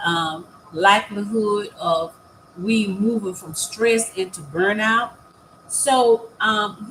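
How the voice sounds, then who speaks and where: An older woman talking casually to her viewers as a new content creator, earnest and heartfelt, pausing often with many fillers and repeated words. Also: medium pitch, fairly bright tone, low-quality recording. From United States. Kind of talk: casual vlog talk to viewers. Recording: faint background noise.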